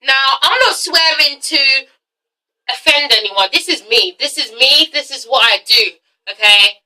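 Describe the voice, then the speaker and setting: A young English woman with a high, piercingly sharp voice, ranting through a TV review with blunt, sassy swearing. She keeps checking in with "okay?" between points. She sits a little back from the mic. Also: expressive, measured pace, far from the mic, rough recording. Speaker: TV review vlogger.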